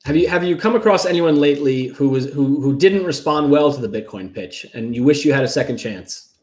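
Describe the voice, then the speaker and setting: A man's voice: a little high, expressive, a little mellow. Upbeat man hosting a livestream panel. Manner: upbeat, rapid, jokey. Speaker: host.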